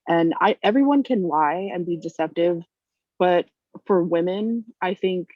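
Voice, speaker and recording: A woman's voice: fairly low pitch, unhurried, no room sound. A woman guest on a podcast, talking frankly in casual chat and rambling with many "like" and "you know". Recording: muffled lo-fi sound.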